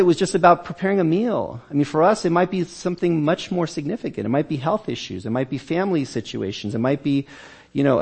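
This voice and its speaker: A man's voice: fairly high pitch, vocal fry, darkish tone, breathy edge. A man preaching a sermon as pastor of a church, talking in a conversational way and often repeating and restarting words.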